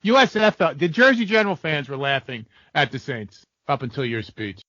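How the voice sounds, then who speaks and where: A man's voice: fairly high pitch, sing-song, moderate pace, sharp tone, dry recording, lo-fi sound. A man co-hosting a sports betting podcast, ranting heatedly and swearing through casual chat. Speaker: podcast co-host.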